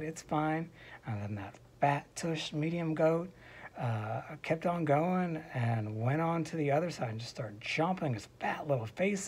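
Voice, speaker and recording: Speaking from a hospital room, a man spins a silly fairy tale in a casual, rambling way, full of side comments and occasional whispers. His voice is fairly high in pitch, darkish in tone and slightly rough.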